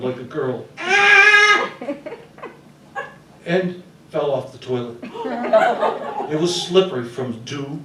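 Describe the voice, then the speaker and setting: A man telling comic stories to a live audience on a small theater stage, playful and animated, acting out sounds. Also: fairly high pitch, recorded from a distance, a little hiss or hum. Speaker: storyteller at open mic. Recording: roomy hall, heard from afar.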